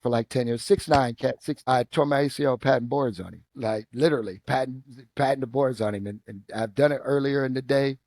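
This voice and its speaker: A middle-aged man with a Midwestern American accent, a former football player and coach, tells football stories as a guest on a casual interview podcast. He speaks at a medium pitch, briskly and with few pauses, acting out quotes with a rising pitch as an animated storyteller. The recording is dry and close, with no echo.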